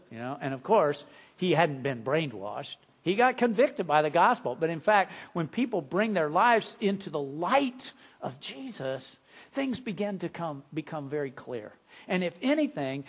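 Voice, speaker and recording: A male pastor in his fifties preaching a sermon earnestly, building louder and higher on key points. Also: expressive, moderate pace, dull audio.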